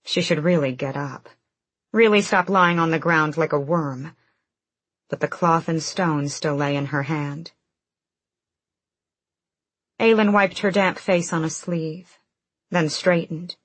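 Slow, husky woman narrator. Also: sits low, no room sound. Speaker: audiobook narrator. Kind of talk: scripted fantasy narration.

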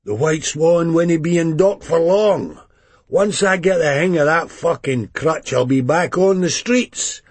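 A cocky, exuberant Scottish lad with a high, loud and showy delivery, as a male reader acts him out. His voice is husky, and it is recorded dry. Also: measured pace, no room sound. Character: exuberant young Scottish man, boastful addict.

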